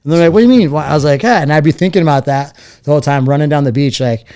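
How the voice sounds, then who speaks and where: A man's voice: a little high, steady tone, rapid-fire, a little mellow, clean tone. A man, telling stories from his fighting career as an interview guest and acting out the voices of the people he quotes. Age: 40s. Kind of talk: casual storytelling interview.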